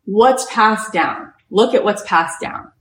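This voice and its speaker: Animated woman telling a story, echoey room. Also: mid-range voice, slow, slight background noise. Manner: animated storytelling, heavy use of "like". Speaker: podcast host and retreat leader. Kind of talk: inspirational talk.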